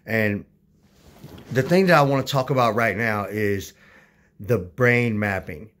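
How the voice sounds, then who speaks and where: A man's voice: on the low side, measured pace, a bit bright. A man talking casually to his channel's viewers, rambling with many fillers and restarts, insistent as he corrects their views. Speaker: YouTuber. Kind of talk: casual talk to camera.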